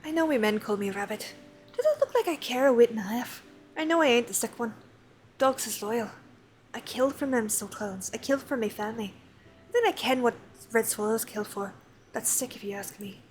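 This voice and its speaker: Woman doing a low, menacing pirate captain. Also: a little fast, slight background noise, natural voice. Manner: low, flat, threatening delivery. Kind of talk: reading game dialogue aloud.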